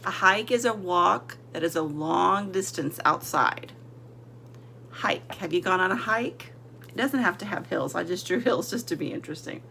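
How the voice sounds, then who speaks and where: A woman teacher giving a slow, deliberate vocabulary lesson to young children, sounding out words letter by letter and sometimes dropping to a whisper. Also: lowish voice, expressive, vocal fry, bright, forceful tone, a little hiss or hum.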